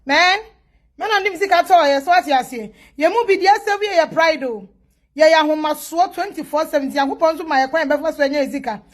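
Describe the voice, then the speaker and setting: A woman's voice: high-pitched, a little fast. A woman with a Ghanaian accent in a blunt, preachy casual monologue that switches between pidgin and Twi.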